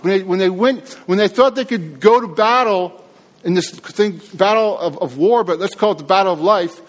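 High-voiced earnest male pastor preaching. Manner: earnest, conversational, with frequent restarts. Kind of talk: sermon. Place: church.

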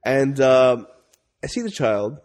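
A man's voice: medium pitch, very animated, takes it slowly, darkish tone. A man co-hosting a casual podcast chat, telling a rambling story with frequent self-corrections. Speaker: podcast co-host.

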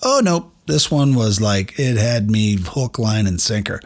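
A man's voice: on the low side, a little slow. A middle-aged man hosting a podcast, telling a personal story in a candid, self-deprecating way and speaking straight to his listeners. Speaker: podcast host.

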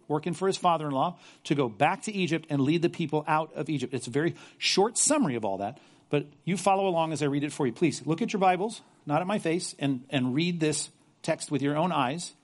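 A man preaching a sermon and reading scripture aloud, earnest, often repeating words as he stresses a point. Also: on the high side. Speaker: pastor.

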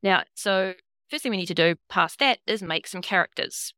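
A woman game master explains the rules in a loose, rambling way and swears casually. Her voice is bright and crisp, and the sound is dry and close. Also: mid-range voice, moderate pace, no room sound.

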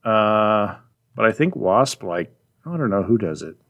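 A man in casual chat, animatedly retelling a comic book plot and briefly voicing its characters. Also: lowish voice. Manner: rambling, animated retelling with quick voices for characters. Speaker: podcast co-host recapping a comic.

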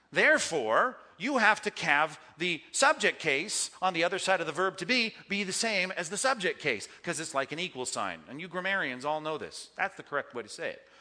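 A man's voice: a little high, pushed and bright. A man, a pastor, teaching Bible Greek grammar in a sermon, emphatic and joking, checking in with "okay?" and "right?".

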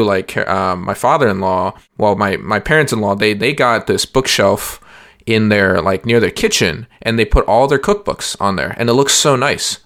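A man's voice: lowish voice, a bit bright. A young man co-hosting a podcast, chatting casually and rambling, with lots of "like" and restarts. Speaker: podcast co-host. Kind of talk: casual chat.

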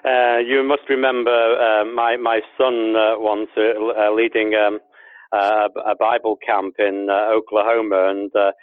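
A man's voice: lowish voice, level tone, a little slow, no room sound. A man, a guest in casual chat, speaking hesitantly with many fillers and restarts. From England. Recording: tinny phone-like line.

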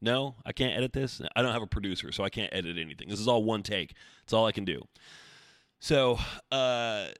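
A man's voice: on the low side, a little fast, a bit bright, dry recording, clean studio sound. Casual self-mocking male podcast host. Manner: rambling, self-deprecating, jokey. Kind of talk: casual solo podcast talk.

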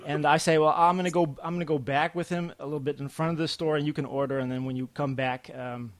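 A man, a podcast guest telling a family story in a halting, lively way. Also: fairly high pitch. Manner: halting, restarts often, lively when telling stories. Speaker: podcast guest, comic artist. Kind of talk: casual storytelling chat.

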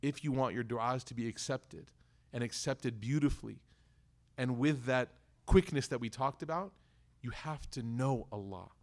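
A man's voice: mid-range voice, moderate pace. A young man teaching a religious lesson in a casual, conversational way, acting out little dialogues as he tells stories. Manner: conversational, acts out dialogues in storytelling. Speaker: Islamic teacher. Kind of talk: religious talk.

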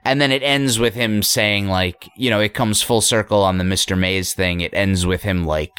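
Low-voiced man in casual chat. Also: fairly bright tone, clear, resonant tone, no echo. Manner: halting, many restarts and fillers. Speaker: story discussion co-host.

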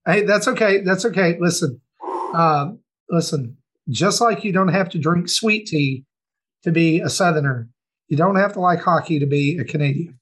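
A man's voice: on the high side, normal speed, a bit bright, slightly rough. A man from the Southern United States hosting a podcast, loose and rambling in casual banter. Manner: loose, rambling, friendly with fillers. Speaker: podcast host.

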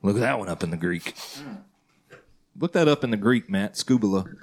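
A man's voice: fairly low pitch, expressive, moderate pace, a little mellow. Man in earnest casual chat. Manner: earnest, conversational, tosses questions to the others. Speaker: podcast co-host. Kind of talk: casual Christian podcast chat.

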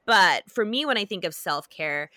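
A woman's voice: mid-range voice, lively intonation, normal speed, bright, forceful tone, no room sound. A woman hosting a podcast, chatting casually with lots of fillers and restarts. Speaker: podcast host. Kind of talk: casual chat.

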